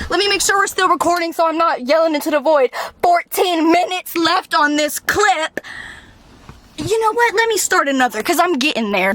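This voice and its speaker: Bright high-voiced young woman ranting. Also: dry recording. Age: 20s. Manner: fired-up, ranting, swearing, shouting at times. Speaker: vlogger. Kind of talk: unscripted rant to camera. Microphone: camera mic.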